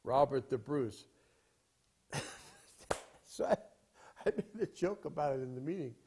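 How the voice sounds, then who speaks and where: A man preaching in a rambling storytelling style, emphatic, with sudden swings from loud to quiet. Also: mid-range voice, animated, unhurried, a little hiss or hum. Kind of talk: sermon storytelling.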